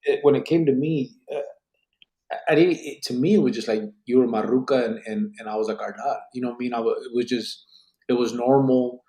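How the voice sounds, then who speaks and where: A middle-aged man hosting a podcast, telling stories in a casual, animated way with street slang and swearing. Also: mid-range voice, fairly quick, reverberant. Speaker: podcast host.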